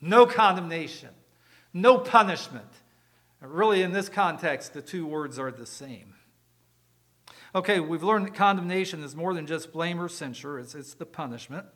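Speaking at a moderate pace, this pastor has a voice on the high side and a bit bright. His sermon is emphatic and explanatory, full of rhetorical questions for the congregation, and he repeats words as he restarts.

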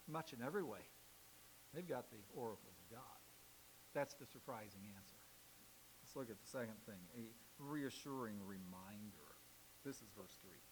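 A male pastor preaching a sermon, reading scripture aloud and swinging loud on key phrases. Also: medium pitch, a little hiss or hum, low-quality recording. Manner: reads scripture aloud with rising force.

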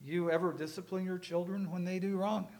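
With a high-pitched but darkish voice, brisk pace and fairly even intonation, a man delivers a sermon as pastor. He explains emphatically, asks the congregation frequent rhetorical questions and repeats words on restarts.

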